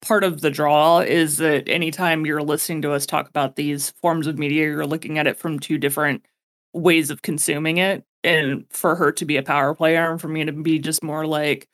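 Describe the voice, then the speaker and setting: A woman co-hosting a podcast, chatting casually in an articulate, expressive way. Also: low-pitched, normal speed. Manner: articulate, expressive, bursts into laughter. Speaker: podcast co-host. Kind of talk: casual chat.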